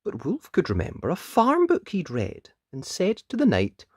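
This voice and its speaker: A woman reading a rhyming children's picture book aloud, expressive and sing-song. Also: lowish voice, moderate pace, husky, no room sound, clean studio sound. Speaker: storybook reader.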